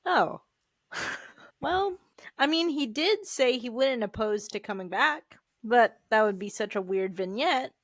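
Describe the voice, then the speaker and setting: Woman co-host, higher voice, casual and animated, laughs a lot, dry close sound. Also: unhurried, no room sound. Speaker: podcast co-host. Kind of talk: casual chat.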